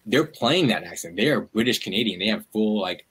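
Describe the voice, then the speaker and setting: A man, a media activist and guest, talking in a casual interview, animated and full of "like" fillers. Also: on the low side, brisk, husky, low-quality recording.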